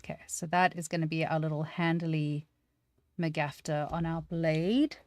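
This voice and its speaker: A woman's voice: low voice, fairly even intonation, moderate pace, no echo. A woman teaching 3D sculpting on a live stream, chatting casually and poking fun at herself as she works things out aloud. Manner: thinks aloud, self-deprecating, chatty.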